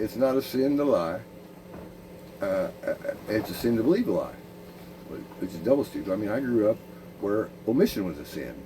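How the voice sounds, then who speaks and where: A man's voice: mid-range voice, recorded from a distance, noisy background. A man speaking a profane, meandering monologue, full of restarts, jumping between ideas. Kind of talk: rambling monologue.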